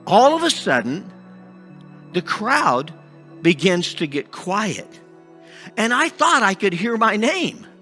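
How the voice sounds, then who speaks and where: A man's voice: high-pitched, sing-song, soft background music, full character voice. A man playing a cocky blind beggar. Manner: halting with many restarts, shouting out pleas. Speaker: pastor acting a first-person sermon drama. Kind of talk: dramatic first-person monologue. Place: church sanctuary.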